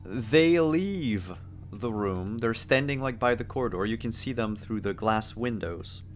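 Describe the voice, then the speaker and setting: A man's voice: lowish voice, animated, unhurried, soft background music. A man narrating as game master of a tabletop game, casual, with frequent fillers.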